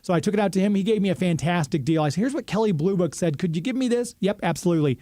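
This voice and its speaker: A man's voice: sits high, lively intonation, rapid-fire, warm tone, dry recording, clean studio sound. A man hosting a radio show, chatting casually and reading a sponsor spot with plenty of fillers.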